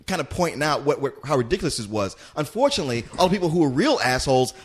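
A man's voice: medium pitch, big pitch swings, breathy edge. A man who is a guest in a casual podcast chat, arguing his point with stammered restarts. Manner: fast, stammering restarts, argumentative.

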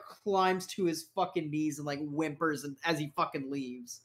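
A man's voice: a little high, a little slow. Joking casual game master guy. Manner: casual, swearing, joking, lots of fillers. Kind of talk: narrating a tabletop game and hosting a stream.

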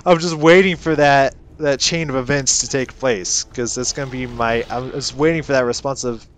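A man's voice: mid-range voice, fairly even intonation, normal speed, a bit bright. A man casually recounting his role-playing game character in a rambling monologue, laughing often and swearing freely.

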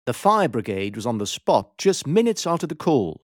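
A man reading example sentences clearly and steadily for a language drill. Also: mid-range voice, sing-song, moderate pace, no room sound, clean studio sound.

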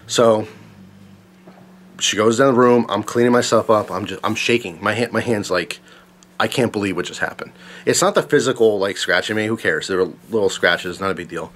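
A man's voice: on the low side, fairly bright tone, a little hiss or hum. A man casually telling a story to camera, earnest and emphatic, repeating himself when tense.

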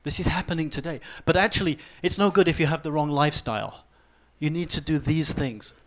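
A man in his forties giving a fast-paced, humorous talk on stage, swinging from quiet asides to loud outbursts. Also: a little high. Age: 40s. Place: event stage before a live audience.

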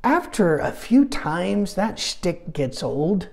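A man's voice: high voice, very animated, takes it slowly, creaky, darkish tone. A man teaching a midweek Bible study in a chatty, anecdotal way, with humorous asides.

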